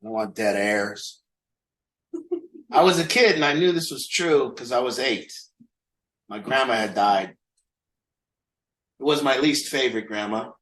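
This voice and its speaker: A man's voice: mid-range voice, lively intonation, a little slow, long pauses, a bit bright, echoey room, rough recording. A man leading a recovery group, talking candidly and mocking himself, asking rhetorical questions. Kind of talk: group talk on a call.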